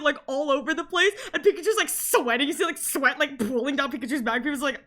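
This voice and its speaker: A woman's voice: high voice, fast talker, hardly any pauses, fairly bright tone. A woman streamer chatting casually with viewers, rambling with many restarts and frequent laughs.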